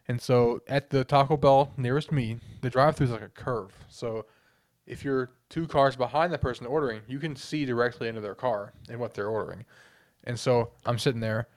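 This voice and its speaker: Lively storytelling man, dry close sound. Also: medium pitch, dry recording. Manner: animated storyteller, acts out quotes. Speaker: podcast co-host. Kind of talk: casual chat, anecdote telling.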